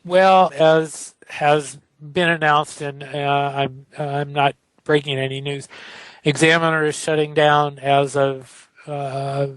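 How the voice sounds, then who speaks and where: A man co-hosting a casual podcast chat, speaking haltingly with many fillers and restarts. His voice sits a bit high and sounds dry and close. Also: little pitch movement, a bit bright, no room sound. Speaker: podcast co-host.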